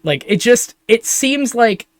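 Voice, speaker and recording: A man's voice: extremely high pitch, expressive, slow pace, no room sound. A man narrating as game master of a tabletop game, describing scenes in a rambling way full of fillers.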